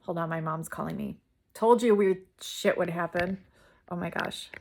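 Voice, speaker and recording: A woman's voice: lowish voice, normal speed, gravelly, a little mellow, slight background noise. A woman vlogger casually telling a personal story, rambling with many "like"s and restarts.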